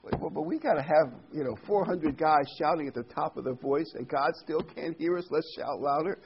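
A man's voice: on the high side, a little fast, creaky, muffled recording, a little hiss or hum. A man preaching an informal sermon, talking conversationally and telling the story with restarts and asides.

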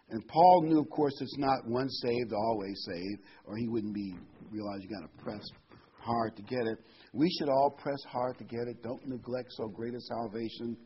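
A man's voice: medium pitch, lively intonation, a little slow, highs cut off, a little hiss or hum. A man preaching a sermon, earnest and emphatic, reading scripture aloud and stressing key words.

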